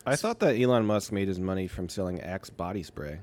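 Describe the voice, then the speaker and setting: A man's voice: deep voice, animated, brisk, a little mellow, a little hiss or hum. A young man hosting a podcast, dropping dry, offbeat jokes in casual chat. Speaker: podcast host.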